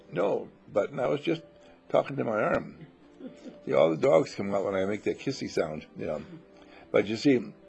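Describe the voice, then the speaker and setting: Husky, gravelly man giving a playful spiritual talk. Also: fairly high pitch, a little mellow. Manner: playful storytelling, acts out little voices. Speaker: spiritual teacher. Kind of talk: inspirational talk to a small group.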